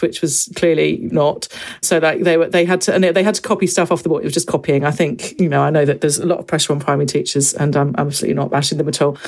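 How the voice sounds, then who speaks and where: A woman's voice: low-pitched, gravelly. A woman, a secondary French teacher and parent, chatting on a video call and acting out the voices of people she quotes. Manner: animated storyteller, acts out quoted voices. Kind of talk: casual podcast conversation.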